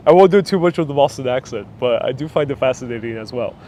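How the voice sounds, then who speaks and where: A man with a New York accent chats on a live stream from outdoors, answering viewers in a loose, rambling way. His pitch sits right in the middle of a man's range. Faint city traffic hums in the background. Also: a little fast, dark tone. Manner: chatty, rambling, with frequent fillers and restarts. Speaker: vlogger hosting a live stream.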